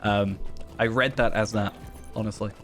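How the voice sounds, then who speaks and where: A man's voice: fairly low pitch, fairly even intonation, normal speed, fairly bright tone. A man chatting in a rambling, self-deprecating way while streaming a game. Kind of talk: casual gaming commentary. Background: faint game music.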